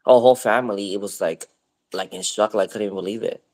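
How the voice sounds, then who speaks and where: Rambling, low-voiced man telling a story. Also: brisk. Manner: rambling, animated retelling with many fillers. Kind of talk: casual chat, storytelling.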